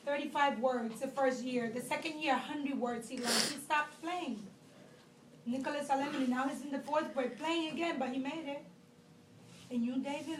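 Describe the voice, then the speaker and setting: A woman's voice: high-pitched, reverberant, distant mic, a little hiss or hum, poor audio. A woman teacher crying as she talks to her class, pleading and scolding the children in turn. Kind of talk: emotional classroom farewell speech.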